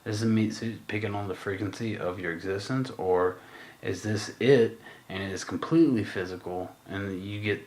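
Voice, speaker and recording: A man's voice: lowish voice, moderate pace, a little mellow. A man co-hosting a podcast in casual chat, musing and rambling with lots of fillers and swearing. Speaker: podcast co-host.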